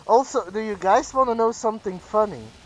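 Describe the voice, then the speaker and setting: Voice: medium pitch, fairly quick. Chatty Flemish-accented streamer. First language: Dutch. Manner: chatty, rambling, answers chat directly. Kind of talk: casual livestream chat with viewers.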